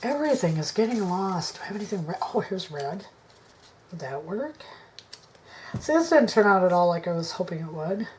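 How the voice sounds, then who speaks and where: A woman vlogging her craft work to camera on a tripod, thinking aloud, indecisive, often dropping into soft mutters. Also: on the low side, sing-song, normal speed, slight background noise. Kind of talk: casual crafting chat to camera.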